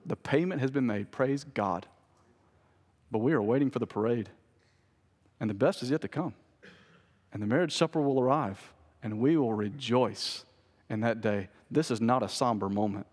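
A man's voice: mid-range voice, darkish tone. A man, a pastor preaching a sermon in a conversational, storytelling way. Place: church sanctuary. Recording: long church hall reverb.

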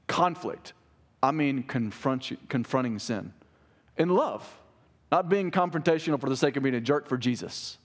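Man preaching in a conversational tone. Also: on the high side. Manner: conversational preaching, acts out quoted voices. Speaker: pastor. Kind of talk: sermon.

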